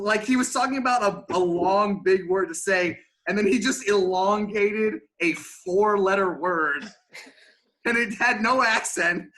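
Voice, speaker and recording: A man's voice: high voice, bright, forceful tone. A man, a former band member, telling stories in a casual podcast chat, swearing and laughing along the way. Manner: storytelling, swears, laughs often.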